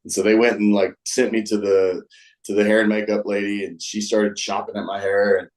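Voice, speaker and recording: A man with a fairly low voice, telling stories as a guest on a show. His speech is casual and rambling. He restarts sentences often and leans on fillers like "um" and "like.". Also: little pitch movement, fairly quick, poor audio. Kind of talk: casual storytelling.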